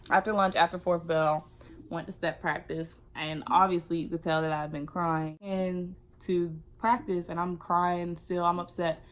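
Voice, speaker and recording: Young woman, vlogger, casual storytime, lowish voice, lively retelling. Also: unhurried. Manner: animated, acts out quotes.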